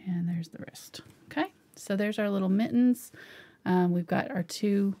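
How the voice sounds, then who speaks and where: A woman's voice: mid-range voice, moderate pace, dark tone. A middle-aged woman teaching a live painting tutorial, chatting casually while she paints. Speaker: painting instructor.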